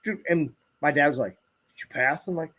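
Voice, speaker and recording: A man's voice: fairly high pitch, normal speed. A man in his forties on a casual podcast, telling profane, rowdy stories and acting out the people in them. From grew up in the country. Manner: profane, storytelling with animated quoted voices. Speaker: podcast co-host. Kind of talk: casual chat.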